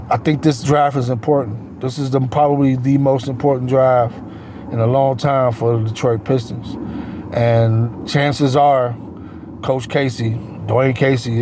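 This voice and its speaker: Guy rambling about basketball on his own show, mellow voice, lots of ums, a bit of hiss behind. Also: medium pitch. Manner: rambling, self-correcting, with many fillers. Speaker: sports talk host. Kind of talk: casual solo sports talk.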